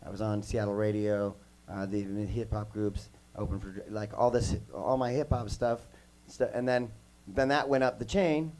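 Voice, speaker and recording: A man in his forties with a voice under the weather rambles and goes off on tangents while telling stories as a guest musician at a casual workshop Q&A, set in a music school room with kids. His fairly low, darkish voice has fairly even intonation at a normal speed, and the recording is low quality.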